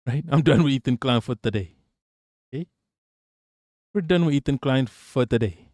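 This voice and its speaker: A man's voice: medium pitch, moderate pace, pauses often, darkish tone, no room sound, studio quality. A man streaming live, joking crudely and rambling as he reacts to clips. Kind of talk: casual live-stream commentary.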